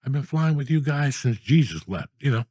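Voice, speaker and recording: A man in his sixties telling profane, animated stories in a casual comedic chat, often ranting in mock outrage. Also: mid-range voice, fairly quick, no room sound, studio quality. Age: 60s. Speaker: podcast guest storyteller.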